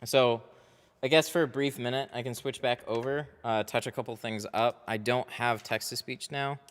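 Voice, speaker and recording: A man's voice: mid-range voice, steady tone, normal speed. A man who runs a window tint shop, chatting casually and rambling on a livestream while he works, often laughing. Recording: echoey reverberant workshop.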